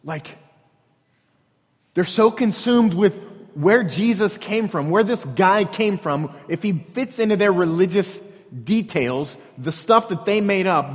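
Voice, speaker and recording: A man's voice: high-pitched, in a large hall. A man preaching a sermon as pastor, earnest and repetitive, pressing his point with rhetorical questions.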